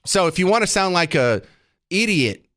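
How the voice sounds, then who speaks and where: A man's voice: high-pitched, sing-song, moderate pace, fairly bright tone. A man hosting talk radio commentary from a studio, sarcastic and argumentative.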